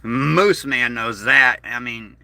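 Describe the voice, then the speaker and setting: Slow, agitated American man with bright tone. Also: mid-range voice, creaky, dry recording. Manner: agitated, slow and halting, trailing off. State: upset, struggling with anger. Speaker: vlogger. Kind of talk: emotional vlog monologue.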